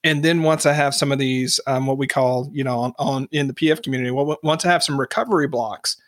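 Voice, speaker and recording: A man's voice: medium pitch, fairly even intonation, fast talker, no room sound, clean studio sound. A man hosting an interview, talking casually with lots of fillers and restarts. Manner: conversational, many fillers and restarts. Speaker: podcast host.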